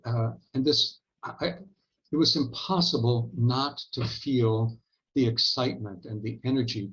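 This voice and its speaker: A man giving a conference keynote, telling a story in a measured, reflective, halting way. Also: lowish voice, a bit bright. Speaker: keynote speaker. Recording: dull lo-fi recording.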